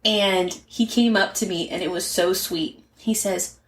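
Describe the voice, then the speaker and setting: A woman co-host speaks in an earnest, methodical way, laying out each point in order as she chats. Her voice sits at an ordinary middle pitch, and her talk stays conversational and unscripted throughout. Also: fairly even intonation, unhurried. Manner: earnest, explains step by step. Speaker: podcast co-host, mother. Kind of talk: casual chat.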